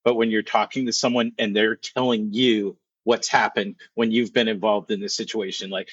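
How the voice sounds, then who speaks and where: A man's voice: lowish voice, level tone, moderate pace, hardly any pauses, fairly bright tone, slightly rough, no room sound. A man in a casual group discussion, speaking emphatically and agreeing readily. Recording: dull lo-fi sound.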